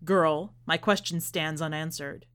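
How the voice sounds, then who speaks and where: A woman reading a story aloud, voicing a cold, commanding male stage magician in a measured, lofty manner. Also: low-pitched, steady tone, fairly bright tone, clean tone, pitched below the performer's own voice. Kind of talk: audiobook character voice.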